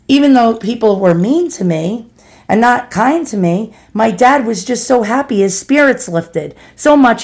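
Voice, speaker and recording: A middle-aged woman vlogger telling a personal story, chatty and earnest, calling her listeners boys and girls. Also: on the high side. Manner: earnest, confessional.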